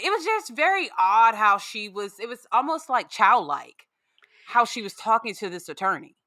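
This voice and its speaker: A woman with a bright, forceful voice chats as a podcast guest, recorded close and dry. She is blunt and animated, and she swears freely. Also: a little high, normal speed, no echo. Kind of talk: casual chat.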